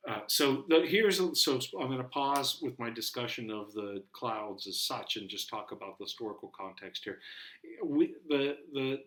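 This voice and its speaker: A man's voice: lowish voice, a bit bright. A man lecturing as a professor, rambling and self-correcting with many fillers. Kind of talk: recorded lecture.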